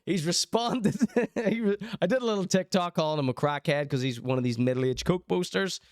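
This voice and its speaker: A man hosts in a teasing, mocking chat and keeps breaking into laughs. His voice sits high and sounds smooth and clear. The sound is dry and close. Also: a little fast, no echo. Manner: laughs mid-sentence, teasing. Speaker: host. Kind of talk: casual mocking commentary.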